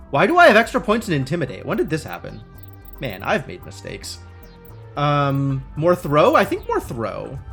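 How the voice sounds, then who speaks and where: With a gravelly, fairly bright voice at medium pitch, a young man offers casual live commentary while streaming a game. He keeps up relaxed chatter laced with wry, sarcastic remarks.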